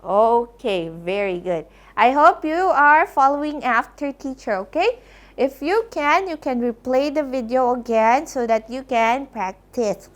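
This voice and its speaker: Kindergarten teacher, female, high and sing-song, very slow, careful phonics delivery. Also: animated. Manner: sounds out letters, warm coaxing praise. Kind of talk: slow phonics lesson for young children.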